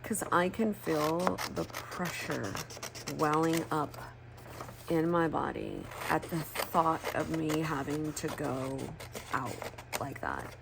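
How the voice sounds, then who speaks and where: A woman's voice: deep voice, animated, slow, creaky, background noise. A woman, chatting candidly while crafting, rambling and swearing freely. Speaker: planner crafting vlogger. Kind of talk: casual chat while crafting.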